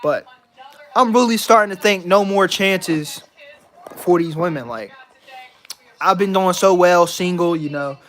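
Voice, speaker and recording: A man's voice: sits high, a little slow, long pauses, fairly bright tone. A young man talking straight to camera in a rambling, repetitive way, swearing and acting overconfident. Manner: rambling, repeats himself, swears, mock-confident. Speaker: vlogger. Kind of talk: casual venting monologue to camera.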